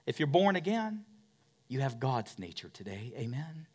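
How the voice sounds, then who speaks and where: A man preaching a sermon as pastor of a church, dropping to whispers and rising to loud peaks. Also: mid-range voice, very animated, normal speed. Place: church in a converted warehouse.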